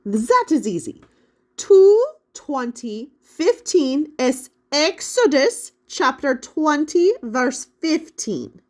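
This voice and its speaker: A woman voices a hearty, proud medieval printer who returns as a hologram, speaking with a thick German accent. He booms in a raised, loud voice, with a pitch that leaps high and swings widely. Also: very animated, slow, heavily acted. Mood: jovial. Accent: thick German, put on.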